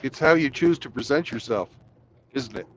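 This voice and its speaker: A man's voice: mid-range voice, expressive, normal speed. A man hosting a casual chat, teasing his guest with crude jokes. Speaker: host.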